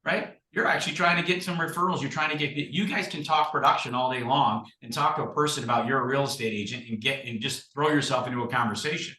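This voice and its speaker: A man giving an emphatic, animated coaching talk as a guest, acting out sample conversations. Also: mid-range voice, fast, few pauses. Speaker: guest speaker, recruiting coach. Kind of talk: energetic coaching talk on a video call. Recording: echoey room.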